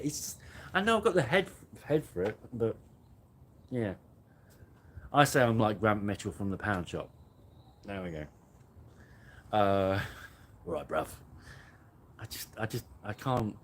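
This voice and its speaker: A man's voice: fairly low pitch, big pitch swings, a little slow, pauses often, a little hiss or hum. A man hosting a casual live chat, rambling and joking about himself with frequent laughs. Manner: rambling, self-mocking, laughs often. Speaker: host. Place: garden at night, outdoors.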